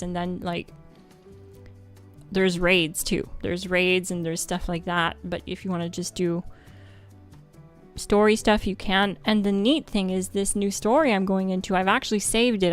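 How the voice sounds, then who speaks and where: A woman's voice: medium pitch, clean tone. A woman with a French accent chatting casually on a game livestream, with lots of fillers and laughter. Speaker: streamer.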